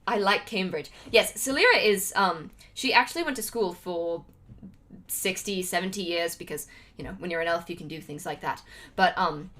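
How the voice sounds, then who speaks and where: A woman's voice: lowish voice, normal speed, a bit bright. A young woman from Utah, a streamer chatting casually to her livestream, rambling with lots of fillers and restarts. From Utah, United States. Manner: rambling, with many fillers and restarts and frequent laughs.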